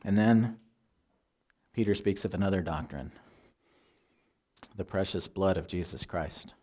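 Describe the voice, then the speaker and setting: A man preaching a sermon, teaching in a measured, earnest way and quoting scripture. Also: low voice, warm tone.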